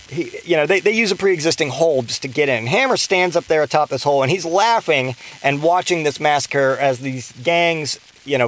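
A man's voice: fairly high pitch, a bit bright, slight background noise, poor audio. A man hosting a podcast, recapping a movie in a rambling, casual way with constant swearing, fillers and restarts. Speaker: podcast host.

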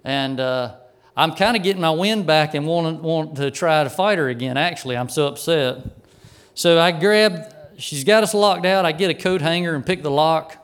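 Middle-aged pastor guy telling a family story in a sermon, kinda high voice, laughs along. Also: moderate pace, clear, resonant tone. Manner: animated, folksy anecdote with chuckles.

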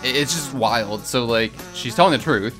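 A man co-hosting a casual gaming podcast, talking in a relaxed way with frequent "like" and quick laughs. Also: medium pitch, over music. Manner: relaxed, laughing, lots of fillers.

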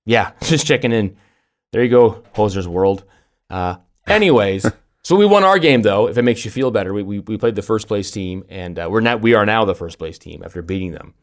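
A middle-aged man co-hosting a podcast, telling stories in an animated way with lots of restarts and laughs. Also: fairly low pitch, a little fast. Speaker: podcast co-host. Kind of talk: casual chat.

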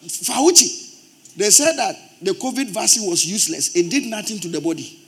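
A Ghanaian-accented male pastor delivers a sermon in church with a notably high voice. He preaches emphatically, pressing his points and swelling into loud, forceful bursts. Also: expressive, moderate pace. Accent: Ghanaian English.

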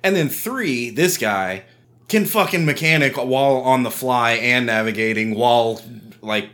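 A man's voice: mid-range voice, expressive, a little slow, fairly bright tone. A man in casual podcast chat, arguing his side step by step and swearing casually. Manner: argumentative, lays out points in order.

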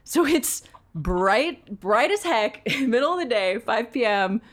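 A woman in her thirties tells a funny story in a relaxed chat. Her voice is of middle pitch, and she laughs a lot and jumps up into a higher voice when she quotes people. She sounds lively and unguarded. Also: takes it slowly. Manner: animated, laughing, acts out quoted lines in a higher voice.

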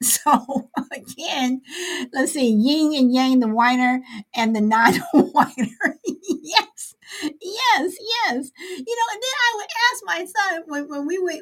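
A woman's voice: sits high, a bit bright. A middle-aged woman hosting a live online chat, talking casually with many restarts and frequent laughter. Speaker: host of a live online show.

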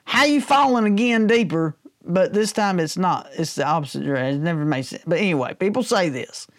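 A man's voice: sits high, animated, fairly quick, no room sound, studio quality. A male pastor giving a sermon in a loose, conversational way, cracking jokes and often checking in with his listeners. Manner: conversational, joking, checks in with "all right?".

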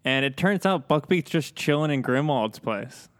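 Guy cohosting a chat podcast, smooth clear voice, dry close sound, swears a lot. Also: fairly high pitch, expressive, normal speed, no echo. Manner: casual, swears freely, jokey. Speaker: podcast co-host and editor. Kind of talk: casual chat.

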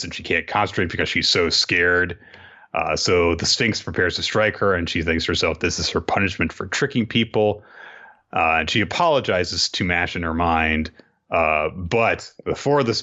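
Deep-voiced man recapping manga chapters. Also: highs cut off. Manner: animated retelling, acting out quoted lines. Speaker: podcast co-host reviewing manga chapters. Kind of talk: casual chat.

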